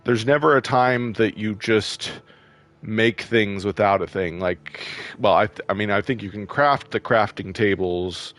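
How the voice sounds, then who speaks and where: A man casually commenting while playing a game, chatty and quick to get irritated, laughing often. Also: fairly low pitch, a bit bright. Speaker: gameplay video host.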